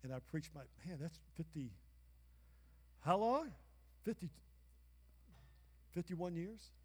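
Pastor, man in his 60s, high voice, sermon with call-and-response and sudden shouts, long church reverb. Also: animated, takes it slowly, slightly rough. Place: church sanctuary.

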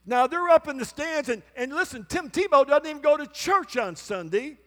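Animated and very high-pitched, a male pastor speaks at normal speed in a church sanctuary with big-room sound. His sermon includes a story where he plays both speakers in a conversation, and he calls out to the congregation.

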